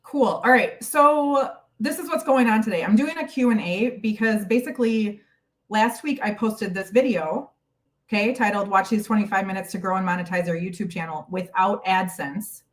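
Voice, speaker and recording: A woman's voice: mid-range voice, moderate pace, distant mic. A woman hosting a casual live stream Q&A from home, chatty and bubbly as she greets viewers by name, a little out of breath. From United States. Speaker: YouTube host.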